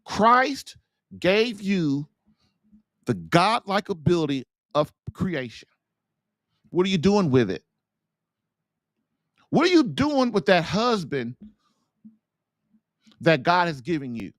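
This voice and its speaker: A man's voice: high-pitched, sing-song, takes it slowly, pauses often, fairly bright tone, no echo, clean studio sound. A man hosting a podcast, delivering an impassioned religious monologue full of rhetorical questions and repeated phrases. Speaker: podcast host and marriage coach.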